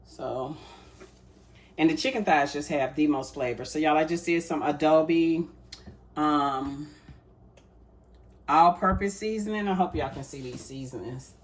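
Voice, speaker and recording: A woman's voice: low-pitched, measured pace, long pauses. A woman, chatting casually to viewers while she cooks in her home kitchen and calls them y'all. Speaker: cooking vlogger. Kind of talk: casual cooking chat.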